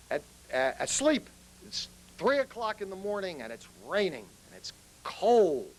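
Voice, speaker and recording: Earnest man giving a slow speech. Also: high voice. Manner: earnest, storytelling. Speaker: guest speaker. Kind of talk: public speech.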